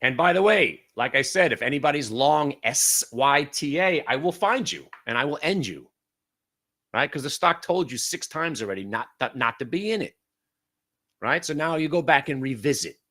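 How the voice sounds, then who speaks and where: A brash man runs a live trading room and calls out trades as they happen. His voice is bright and forceful, and he swings between loud outbursts and low, muttered asides. He swears casually as he talks. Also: lively intonation, normal speed. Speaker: day-trading room host.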